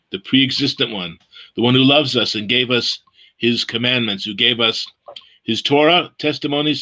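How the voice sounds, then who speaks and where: A man leading an online Bible study, explaining Hebrew letters and words in an unhurried way. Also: medium pitch, sharp tone.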